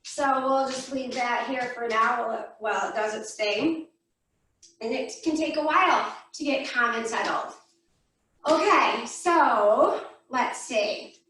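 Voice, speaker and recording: High-voiced woman teaching kids yoga. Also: unhurried, sharp tone. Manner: playful, sing-song call-and-repeat cues. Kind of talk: teaching a yoga class over video call. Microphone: laptop video call mic. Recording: roomy echo, far from the mic.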